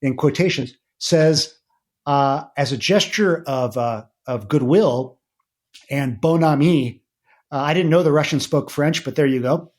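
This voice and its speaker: Middle-aged man, fairly high voice, animated storytelling, lots of fillers, casual interview guest. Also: measured pace. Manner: animated anecdotes with many fillers, rising pitch when excited. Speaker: podcast guest, surgeon.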